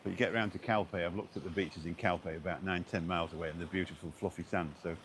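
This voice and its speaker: A middle-aged man with a deep, low-pitched voice talks casually to his live-stream viewers. He rambles, restarts his sentences and fills gaps with ums. He is recorded on a phone outdoors, with a faint hiss of noise behind him. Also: steady tone, fast, fairly bright tone. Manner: rambling, chatty, many fillers and restarts. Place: outdoors on a beach walk.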